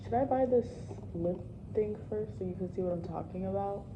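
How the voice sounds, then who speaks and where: A young woman chatting casually to the camera at her workplace, slangy and talkative, sometimes dropping to soft muttered asides. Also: mid-range voice, normal speed, lo-fi sound. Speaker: vlogger at work. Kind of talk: casual vlog chat. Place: indoor workplace at opening time. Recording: noisy workplace background.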